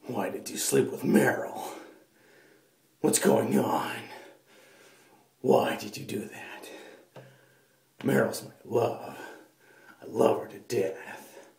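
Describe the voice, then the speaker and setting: A gruff, grizzled soldier, put on by a man, talking in a harsh breathy whisper with a menacing edge. The delivery is slow and deliberate. The sound bounces around a small echoey bathroom. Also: mid-range voice, a little mellow.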